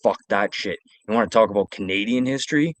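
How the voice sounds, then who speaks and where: A man's voice: lowish voice, fast, dry recording. A man in his forties telling rambling, profane stories alone on a stream, repeating himself. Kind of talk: casual storytelling.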